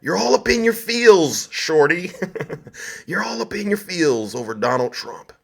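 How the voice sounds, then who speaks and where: A man hosting a political livestream, loudly taunting and mocking his viewers. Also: sits high, big pitch swings, a little slow, creaky. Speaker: livestream host.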